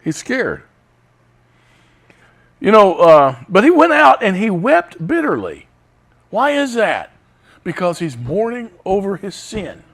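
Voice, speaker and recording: A man's voice: high voice, huge pitch swings, takes it slowly, pauses often, a bit bright. A man teaching a Bible study, reading scripture aloud with emphasis.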